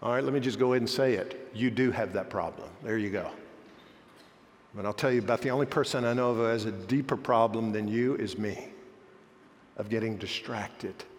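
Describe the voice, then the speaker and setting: A man's voice: on the low side, a little fast, long reverb tail. A male pastor preaching a sermon in a conversational, self-deprecating manner.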